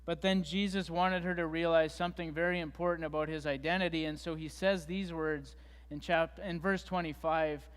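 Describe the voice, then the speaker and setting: A man's voice: on the high side, fairly even intonation, normal speed, clear, resonant tone, in a large hall. A man preaching a sermon in a church, retelling scripture in a conversational way with fillers and restarts. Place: church sanctuary.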